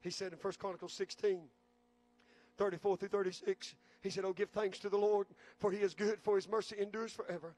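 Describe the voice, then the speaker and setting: Man, very high voice, pastor preaching, call-and-response, rising to shouts. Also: flat delivery, a little fast. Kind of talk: sermon.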